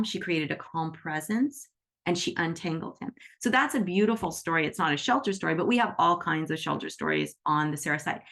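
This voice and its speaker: Woman, teacher on a call, chatty, low voice, gravelly fry. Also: a bit bright. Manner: chatty, acts out quoted dialogue, says "right?" often. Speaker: animal Reiki teacher.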